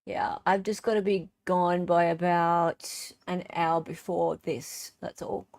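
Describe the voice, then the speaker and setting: A woman's voice: lowish voice, fairly even intonation, slow pace, a little mellow, dry recording. A woman joining a live stream as a guest, giving short casual replies. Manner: brief replies, laughs easily. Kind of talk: casual chat.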